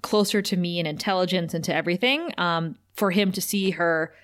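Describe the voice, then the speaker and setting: A woman co-hosting a podcast, recapping an episode in an animated, chatty way with frequent laughter. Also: on the low side, a little fast. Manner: animated, chatty, laughs often, many fillers. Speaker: podcast co-host. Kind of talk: casual episode recap chat.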